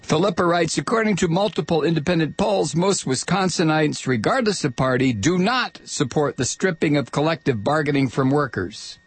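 Furious, high-pitched ranting radio host man. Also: expressive, normal speed, few pauses, slightly rough. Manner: angry, firing off repeated rhetorical questions, shouting at times. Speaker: radio talk show host. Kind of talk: impassioned political call-in radio rant.

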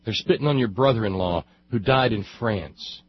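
A man's voice: lowish voice, normal speed, highs cut off, a little hiss or hum. A male radio talk host giving angry, sarcastic political commentary, rambling with restarts.

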